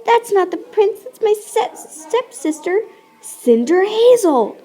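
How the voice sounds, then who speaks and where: A woman voicing a bratty witch stepsister who exclaims shrilly and excitedly. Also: very high-pitched, slow, voice pushed up, full character voice. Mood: shrill.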